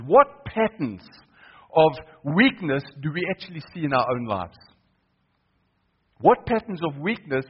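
A man's voice: on the high side, slightly rough, highs cut off. A man preaching a sermon in church, often asking the congregation questions and repeating key phrases for weight. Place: church hall.

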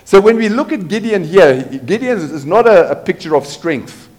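A man's voice: high voice, lively intonation, moderate pace, a little mellow. A man preaching a sermon, asking his congregation rhetorical questions as he goes. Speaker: pastor.

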